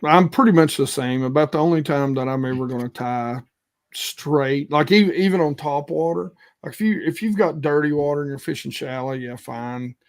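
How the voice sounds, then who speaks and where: Casting note: a man hosting a fishing livestream, folksy and emphatic, on a call mic. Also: fairly high pitch. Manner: folksy, emphatic, quick asides. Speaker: fishing show host. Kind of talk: casual live-stream chat.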